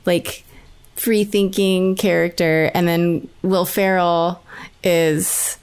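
A woman's voice: lowish voice, flat delivery, takes it slowly, a little mellow, clear, resonant tone. A woman in casual chat, talking enthusiastically and rambling with lots of fillers.

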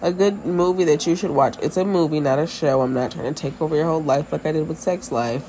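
A woman's voice: low-pitched, fast talker, slight background noise, poor audio. Chatty woman telling stories with laughs. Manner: animated storyteller, laughs often. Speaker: podcast co-host. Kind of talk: casual chat.

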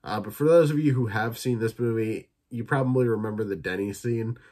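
A young man hosting a casual solo podcast, rambling and swearing as he retells movie scenes in quick impressions. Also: fairly low pitch, darkish tone. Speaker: podcast host reviewing films.

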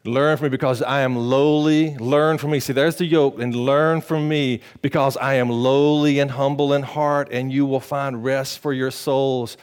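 A male pastor preaching a sermon, moving between loud, high-pitched exclamations and quiet, low appeals, with casual rhetorical questions to the congregation. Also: fairly even intonation, normal speed, few pauses, clean tone.

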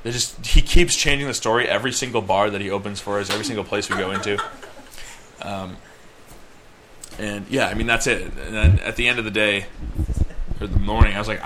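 Low-voiced young man telling a rambling story. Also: fairly even intonation, a little fast, long pauses, noisy background. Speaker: podcast co-host. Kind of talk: casual chat, storytelling.

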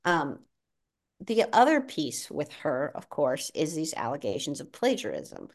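A woman guest on a podcast who works in education policy, explaining her views in a measured way. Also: sits low, wildly swooping pitch. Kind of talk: casual podcast conversation.

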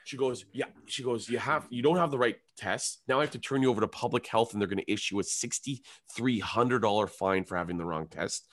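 A comedian guest with a medium-pitched voice tells a long story in casual chat, speaking briskly with hardly any pauses. He is animated, swears freely and a lot, and acts out the other people's voices.

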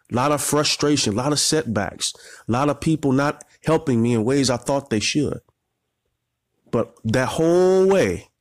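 Middle-aged male coach, heartfelt motivational storytelling, mid-pitched, dry recording. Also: no echo. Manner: emotional, fighting back tears, repeats phrases. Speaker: marketing coach. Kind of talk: motivational talk.

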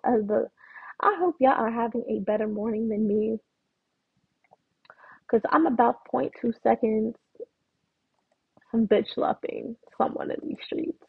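Husky, gravelly New woman ranting. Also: on the high side, measured pace, pauses often, dry recording. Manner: profane, blunt, storytelling rant. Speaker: podcast host. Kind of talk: casual ranting monologue. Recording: dull lo-fi recording.

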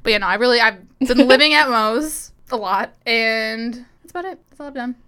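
A woman's voice: fairly high pitch, fairly quick, a bit bright, clean tone. A young adult woman co-hosting a podcast, making dry, wry asides in casual chat. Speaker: podcast co-host.

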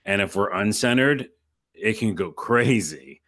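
A man hosting a casual conversation, animated and playful. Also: on the low side, measured pace.

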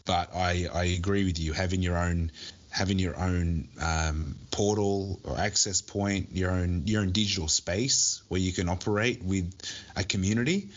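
A man's voice: deep voice, fairly even intonation, normal speed, highs cut off. A man co-hosting a podcast in casual chat, joking and restarting his sentences often. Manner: joking, restarts often, laughs at own jokes. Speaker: podcast co-host.

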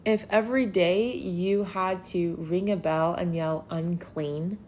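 A woman's voice: lowish voice, steady tone, a little slow, a little mellow, slight background noise. A woman giving a casual Bible lesson. She talks in a conversational, emphatic way and leans on filler words. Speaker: Bible teacher.

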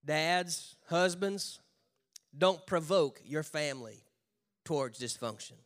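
Preaching expressively, this male pastor alternates booming appeals to his congregation with quiet, deliberate emphasis. He also drops in funny, chatty asides along the way.

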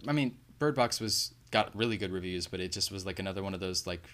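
A man's voice: low-pitched, fast, fairly bright tone. A man co-hosting a podcast in casual chat, rambling and swearing as he goes. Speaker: podcast co-host.

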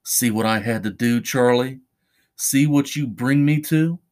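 A man's voice: medium pitch, unhurried, darkish tone, lightly acted. A man voicing a cold, menacing tormentor. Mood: scornful. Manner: scornful, menacing.

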